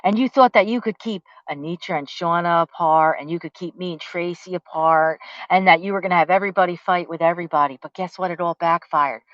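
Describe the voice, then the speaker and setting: A woman's voice: on the low side, brisk, hardly any pauses, a bit bright, dry recording, dull audio. A woman, delivering a profane, confrontational rant, taunting with rhetorical questions and heavy cursing. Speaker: vlogger. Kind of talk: angry rant to the camera.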